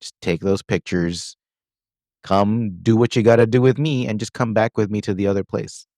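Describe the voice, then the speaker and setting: A man's voice: lowish voice, fairly even intonation, moderate pace, mellow, no room sound, studio quality. A man co-hosting a podcast, casually retelling a movie's plot with lots of fillers and quoted lines. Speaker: podcast co-host recapping a film. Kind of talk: casual chat.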